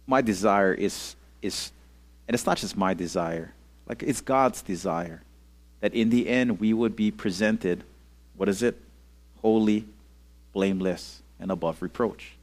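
Heard in an audio-only recording, this male preacher speaks a little slowly in a fairly low voice. He addresses young people informally, asking "okay?" and "amen?" often and prompting them to respond back.

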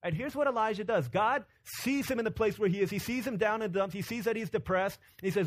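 A man preaching a sermon with animated delivery, acting out voices in quotes. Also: sits high, quick pace, few pauses. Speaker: pastor.

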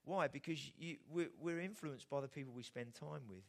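A man's voice: fairly high pitch, moderate pace. A middle-aged man delivers a sermon. He talks in a conversational, slightly raised voice and keeps checking in with his listeners through rhetorical questions. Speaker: pastor.

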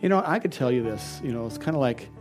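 A man's voice: mid-range voice, animated, fast talker, over music. A middle-aged man, a pastor, preaching a sermon in an earnest and personal storytelling way, often laughing.

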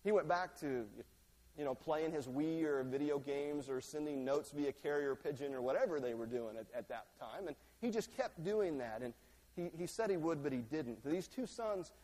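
A man with a high voice preaches a relaxed, conversational sermon and slips into acted voices for quoted lines. He is recorded in a church sanctuary, and his words ring on in a long reverb. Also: moderate pace. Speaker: pastor.

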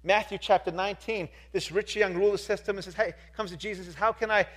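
A man preaching a sermon as pastor, emphatic and repetitive, asking rhetorical questions and swinging from soft to loud. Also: high-pitched, steady tone, fast.

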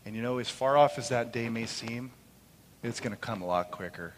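A middle-aged man preaching a sermon in church, impassioned, moving between loud proclamation and soft, quiet storytelling. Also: medium pitch, brisk, slight background noise. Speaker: pastor. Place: church sanctuary during a service. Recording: long hall reverb.

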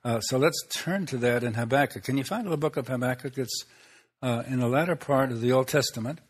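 A man's voice: mid-range voice, brisk, slightly rough. A man preaching a sermon, folksy and conversational, with rhetorical questions and frequent chuckles. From Swedish Lutheran background. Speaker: pastor.

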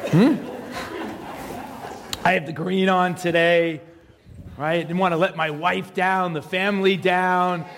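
Pendeta pria bersuara tinggi, bercanda di mimbar. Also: male voice, high-pitched, fairly even intonation, slow pace, pauses often, fairly bright tone, long reverb tail. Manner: joking, chatty, teasing the congregation. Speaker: pastor. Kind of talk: sermon. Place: church sanctuary. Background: congregation.

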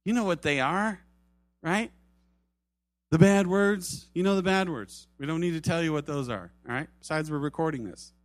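Animated pastor, a man with a higher voice. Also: moderate pace, no echo. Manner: animated, acts out quoted voices, drops to soft tones for emphasis. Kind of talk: sermon. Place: church service.

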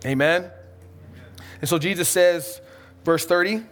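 A man's voice: high-pitched, a little slow. A man pastor preaching a sermon, pressing the congregation with emphatic questions and calls of amen.

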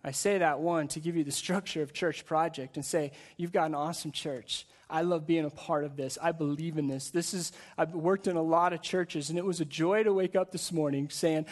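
A man preaching a sermon to a church service, in an energetic, conversational way with frequent repeated words. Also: a little high, normal speed, few pauses. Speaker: guest pastor.

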